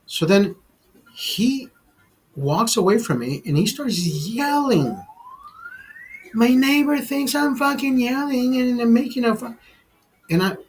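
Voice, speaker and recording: Husky, profane man ranting to camera. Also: very high-pitched, animated, slow pace, long pauses, rough recording. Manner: agitated, profane, repeats himself. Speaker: vlog host. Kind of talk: casual storytelling rant.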